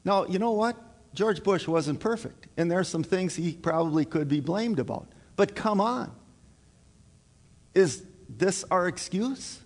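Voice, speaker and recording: A middle-aged man preaching in a folksy, halting way, stopping often on fillers and repeating his words. His voice sits a little high for a man. It rings with the long reverb of a hall. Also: expressive. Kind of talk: sermon.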